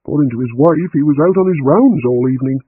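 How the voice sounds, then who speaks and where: A man's voice: fairly high pitch, fast talker, breathy edge. A man reading an audiobook, voicing a young male police detective who is matter-of-fact and exasperated. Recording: tinny phone-like line.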